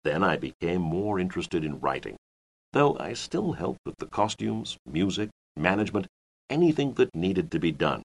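A man voicing an older male Elizabethan playwright who recalls his days in the theater, in a measured, reflective way for a scripted listening exercise. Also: low-pitched, big pitch swings, vocal fry, breathy edge, exaggerated voice. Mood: reminiscing. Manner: measured, reflective first-person reminiscing.

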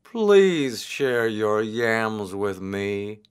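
A man voicing a slow, patient male turtle in a storybook tale, drawing out his words. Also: on the low side, very animated, clear, resonant tone, exaggerated voice. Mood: weary. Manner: slow and drawn-out.

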